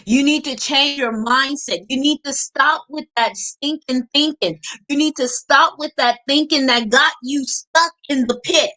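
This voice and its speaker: Brief: emphatic woman motivational coach, high bright voice, preachy. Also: a little slow, few pauses. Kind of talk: live motivational talk.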